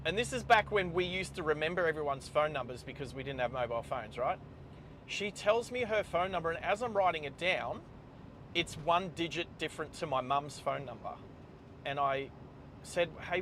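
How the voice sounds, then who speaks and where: A middle-aged Australian man telling a personal story while he drives, speaking in a halting way with many pauses and restarts. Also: fairly high pitch, a bit bright. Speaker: host of a live driving stream. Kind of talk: casual storytelling while driving. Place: inside a car on the road. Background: car and road noise.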